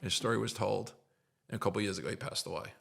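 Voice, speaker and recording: A middle-aged man with a gravelly, low voice tells his story on a podcast. He talks earnestly, circles back on his words and sometimes gets choked up. The fry in his voice stays low and steady. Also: quick pace. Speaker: podcast guest. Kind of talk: emotional storytelling in conversation.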